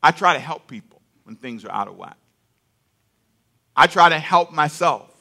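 Older guy preaching, kinda high voice, repeats himself for emphasis, asks the crowd to answer back. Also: animated, normal speed, vocal fry, bright, forceful tone. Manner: call-and-response preaching, asks congregation to answer aloud; conversational, repeats phrases for emphasis. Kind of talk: sermon.

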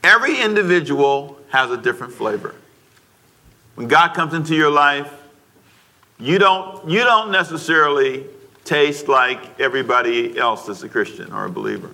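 A male pastor preaches with a bright, forceful edge to his voice. He leans on repetition and call-and-response prompts, pressing each point home. His pitch sits in an ordinary middle range for a man. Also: animated, normal speed, gravelly. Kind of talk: sermon.

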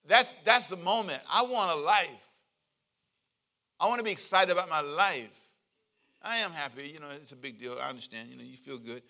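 A male pastor giving a conversational sermon, joking and animated, leading the congregation in call-and-response. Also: a little high, moderate pace, pauses often.

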